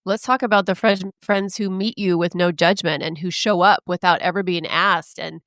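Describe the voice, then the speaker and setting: A woman's voice: on the low side, steady tone, normal speed, a bit bright, no room sound, studio quality. A middle-aged woman co-hosting a podcast, affirming her partner with frequent "yeah"s and speaking about friendship in a heartfelt way. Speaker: podcast co-host. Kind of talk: casual chat.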